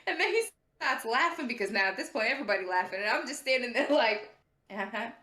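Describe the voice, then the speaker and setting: Woman podcast co-host, sassy and laughing, a bit high-voiced, roomy echo. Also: quick pace. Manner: sassy, animated storyteller who laughs often. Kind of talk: casual storytelling chat.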